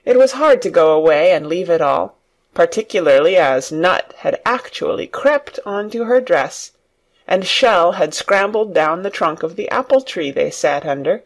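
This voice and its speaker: Audiobook narrator for learners, clear, lots of ups and downs in the voice. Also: medium pitch.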